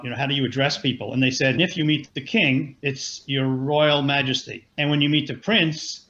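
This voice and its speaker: An older man, a seasoned film producer, recounts an anecdote, acting out the dialogue with lively energy. His voice sits a little high. The recording is somewhat dull and lo-fi. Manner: animated storyteller acting out dialogue. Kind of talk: anecdotal storytelling.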